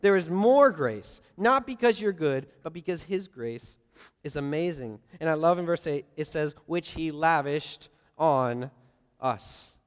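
Lively preacher in a reverberant hall. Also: male voice, a little high, unhurried, clean tone. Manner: lively storytelling with playful voiced asides. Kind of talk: sermon.

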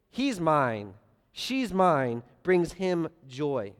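A man preaching a sermon, earnest, swinging between loud emphasis and soft, quiet lines. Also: a little high, normal speed, clean tone. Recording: long reverb of a large hall.

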